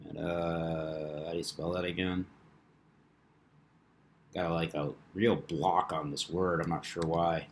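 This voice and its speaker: A man's voice: sits low, flat delivery, slow pace, long pauses, slight background noise. A man hosting his own channel, reading out a news article and commenting in a rambling way, stumbling over words and using fillers. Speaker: channel host.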